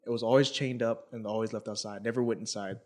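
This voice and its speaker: A man's voice: lowish voice, fairly even intonation, quick pace, a little mellow. A young adult man co-hosting a casual podcast chat, telling stories about his childhood and mimicking the voices of people in them. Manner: storytelling, quotes people in a raised voice. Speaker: podcast co-host.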